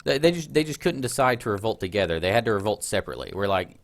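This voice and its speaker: A man's voice: lowish voice, very animated, very fast, few pauses. A man giving casual, chatty commentary while playing a strategy game, often joking at his own expense. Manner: chatty, self-deprecating, laughs at himself. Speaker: let's play host.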